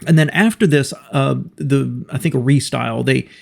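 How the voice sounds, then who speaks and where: A man's voice: mid-range voice, moderate pace, gravelly, darkish tone. A man hosting a car reaction video, talking casually and giving his opinions as he thinks aloud.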